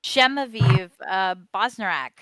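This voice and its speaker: A woman running a tabletop game as game master, narrating haltingly with many fillers. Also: medium pitch, expressive, fairly bright tone.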